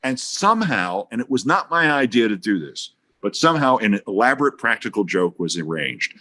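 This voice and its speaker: Older male broadcaster spinning a lively anecdote, mid-pitched voice, jumps high when quoting people. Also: moderate pace. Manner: animated storyteller, acting out voices with big pitch jumps. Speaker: guest broadcaster. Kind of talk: storytelling in a podcast interview.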